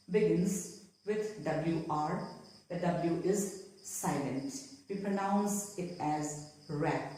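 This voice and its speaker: Woman teacher, very slow and deliberate, slightly low voice, echoey room, distant mic. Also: a little mellow. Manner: slow, deliberate, repeats each example word. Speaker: English teacher. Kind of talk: slow spoken pronunciation lesson.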